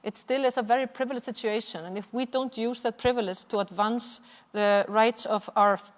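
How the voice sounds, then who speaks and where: A woman's voice: on the high side, steady tone, brisk. A woman with an Icelandic accent giving an impassioned seminar presentation over slides, earnest and often hesitating. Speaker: seminar speaker, activist. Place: large hall at a cultural venue. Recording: long reverb of a hall.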